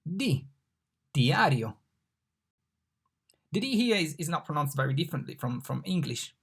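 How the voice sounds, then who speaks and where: A teacher giving an online Italian lesson, slowly and patiently sounding out letters and repeating words. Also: mid-range voice, very animated, husky.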